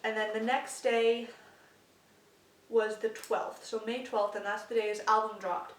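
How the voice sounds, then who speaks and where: A young woman vlogger telling a story in a casual, excited way, full of "like" fillers. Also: a little high, measured pace. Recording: roomy sound from a distance.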